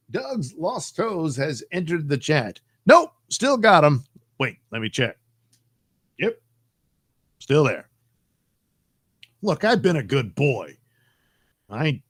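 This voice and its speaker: A man's voice: fairly high pitch, a bit bright, no room sound, studio quality. A middle-aged man hosting a live stream, rambling and joking as he reads chat messages aloud.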